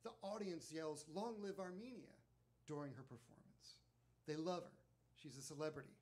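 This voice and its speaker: A man giving a storytelling talk to a live audience, chatty and animated, with frequent fillers. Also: a little high, moderate pace. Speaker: speaker at a listening event.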